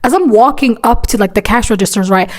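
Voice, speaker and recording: Fast-talking chatty young woman. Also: fairly high pitch. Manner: rambling, chatty storytelling full of "like" and "right?"; profane, dramatic. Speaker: vlogger. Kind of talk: storytime vlog.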